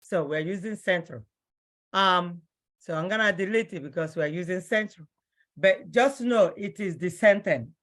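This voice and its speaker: A woman teaching an online language class, who speaks slowly and repeats each word with care so her students can follow. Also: lowish voice, a bit bright. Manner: slow, repeats words carefully for students.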